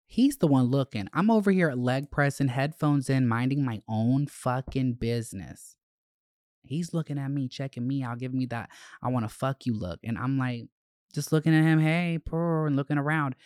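Podcast host in their twenties, sassy and slangy, animated, mid-pitched, dry close sound. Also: moderate pace, no room sound. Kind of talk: casual chat.

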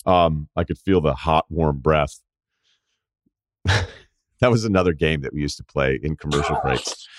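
A man's voice: very deep voice, a little slow, pauses often, no room sound, clean studio sound. A middle-aged man hosting a podcast, telling stories in casual chat with lots of swearing and acted-out quotes. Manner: profane, animated storytelling with acted-out quotes. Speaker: podcast host.

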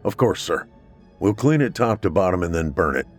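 A man doing a smooth, smiling suited fixer. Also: low-pitched, big pitch swings, moderate pace, faint music behind. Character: slick man in a suit, calm and smiling.

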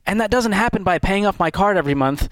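Animated high-voiced male co-host. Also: fast, noisy background. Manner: animated storyteller, acts out little scenes. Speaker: radio show co-host. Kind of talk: call-in advice show banter.

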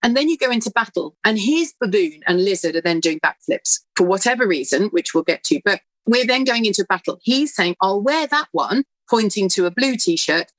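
A middle-aged woman with a British accent, speaking as an author guest and telling animated stories from her own life. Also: mid-range voice, no echo, low-quality recording. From United Kingdom. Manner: animated, quick, acts out voices in anecdotes. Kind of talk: conversational storytelling.

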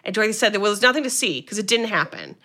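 A woman co-hosting a podcast who retells a film plot in a chatty, animated way with plenty of filler words. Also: mid-range voice, fast talker. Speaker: podcast co-host. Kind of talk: casual film recap.

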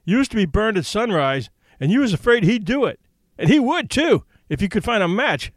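Man voicing a nervous bungling crook, whiny, pleading, higher voice, dry sound. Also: very animated, a little fast, dry recording. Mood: accusing. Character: nervous bungling male kidnapper, gruff and fretful.

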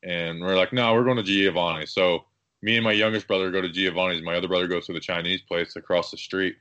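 A young man with a low voice talks fast, co-hosting a casual sports podcast, and the high frequencies are cut off. He rambles and jokes through his stories, telling them in an animated way.

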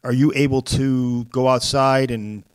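A man's voice: medium pitch, steady tone, a little slow, clear, resonant tone, no echo. A man co-hosting a podcast, chatting casually with easygoing, dry teasing. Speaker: podcast co-host. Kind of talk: casual chat.

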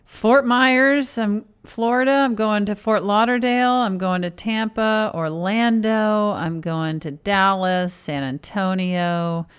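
A woman's voice: mid-range voice, slow pace, few pauses, smooth. Dry understated woman podcast host. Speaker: podcast co-host, touring comedian. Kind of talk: casual chat.

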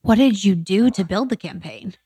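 A woman's voice: medium pitch, moderate pace, dark tone, breathy edge, dry recording. A woman interviewing a guest in a casual chat, asking eager questions and laughing along.

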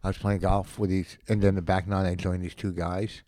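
A man co-hosting a casual chat, telling a rambling story with halting restarts. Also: deep voice, little pitch movement, warm tone, dry recording. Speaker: podcast co-host.

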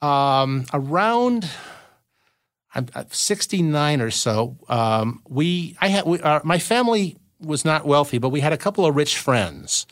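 A man's voice: on the high side, expressive, unhurried, fairly bright tone, no room sound, studio quality. A man from Southern California spins long showbiz anecdotes as a podcast guest. He talks in a loose, rambling way, often restarting his sentences mid-thought. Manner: rambling storyteller with frequent restarts. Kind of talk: casual anecdotal chat.

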